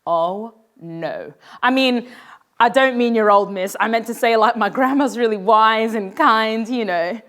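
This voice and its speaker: A woman's voice: on the high side, measured pace, a bit bright. A woman voicing a cheeky, nervous schoolgirl who rambles and stammers when flustered. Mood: rambling.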